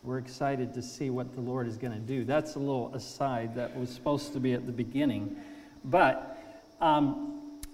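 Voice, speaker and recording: A man in his fifties giving an earnest testimony talk at a conference, halting with restarts. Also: mid-range voice, steady tone, a little mellow. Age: 50s. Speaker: speaker at a conference. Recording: long hall reverb.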